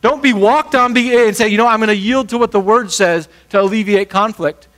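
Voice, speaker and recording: A man preaching a sermon as pastor, talking conversationally and briefly acting out the people in the story. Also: high-pitched. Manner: conversational, animated, acts out quick voices.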